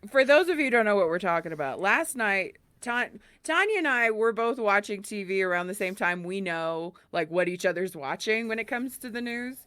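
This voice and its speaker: A woman's voice: mid-range voice, expressive, normal speed, hardly any pauses, a bit bright, smooth, no room sound. A woman co-hosting a casual political chat podcast, telling stories animatedly and acting out quoted dialogue. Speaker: podcast co-host.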